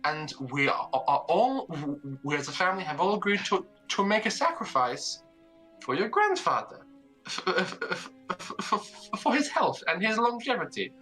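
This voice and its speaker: A man's voice: high-pitched, sing-song, normal speed, bright, forceful tone, soft background music, pitched above the performer's own voice, full character voice, low-quality recording. A man doing a stammering, anxious woman. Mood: pleading. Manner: heavy stammer. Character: nervous stammering middle-aged woman.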